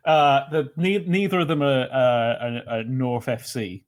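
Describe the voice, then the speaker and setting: A man from England chatting casually who stammers over his words and keeps laughing. His voice sits in an ordinary middle pitch. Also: lively intonation, measured pace. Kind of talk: casual banter.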